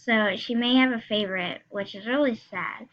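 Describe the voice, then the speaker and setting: A woman's voice: a little high, moderate pace, a bit bright. A girl in her teens chatting casually to viewers, rambling with lots of fillers as she reads funny text messages aloud. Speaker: YouTuber. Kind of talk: casual reaction vlog, reading texts aloud. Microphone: screen recorder, built-in mic. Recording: slightly dull lo-fi sound.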